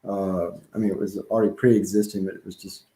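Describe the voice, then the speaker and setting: Co-hosting a casual live-streamed chat, a man with a slight Southern accent rambles and halts, full of ums and restarts. His voice is low-pitched, level, and mellow, and the audio is poor, with a roomy sound.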